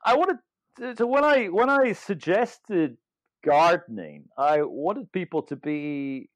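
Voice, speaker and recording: Slow and sing-song, his high-pitched voice belongs to an author and legal scholar of fifty or more, appearing as a guest. He considers his words in a reflective interview, stumbling into many hesitations and restarts, recorded dry, dull and lo-fi.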